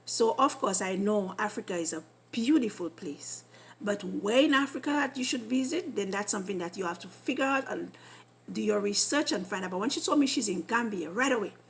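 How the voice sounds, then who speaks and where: A woman in her thirties vlogging, telling an excited story with gushing, animated exclamations. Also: mid-range voice, a little fast, slightly rough. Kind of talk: excited casual vlog.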